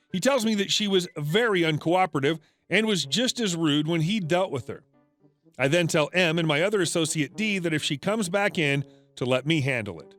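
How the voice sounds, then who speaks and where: A man's voice: sits high, a bit bright. A man narrating a retail story in a scripted, matter-of-fact reading. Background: faint background music.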